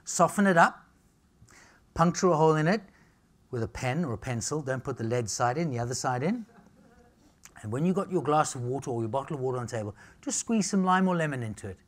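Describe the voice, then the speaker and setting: A middle-aged man with a mid-range voice talks fast as he gives a live audience a cheeky, joking lecture on nutrition. He tells stories in an animated way.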